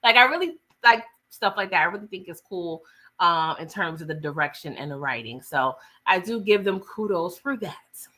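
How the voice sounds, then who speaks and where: A woman's voice: lowish voice, lively intonation, moderate pace, bright, forceful tone. A woman hosting a casual TV recap, retelling scenes in a chatty, slangy way. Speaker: TV recap host.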